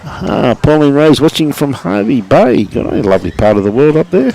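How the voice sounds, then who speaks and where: A man's voice: mid-range voice, very animated, normal speed, creaky, warm tone, a little hiss or hum, poor audio. An older Australian man commentating live lawn bowls in a chatty, matey way, greeting online viewers by name and chuckling often. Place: outdoor bowls club green.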